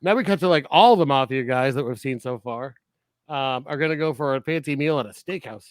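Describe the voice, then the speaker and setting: A man's voice: medium pitch, fairly quick, no echo. A man co-hosting a film review podcast in casual chat, often laughing as he recaps scenes. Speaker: podcast co-host.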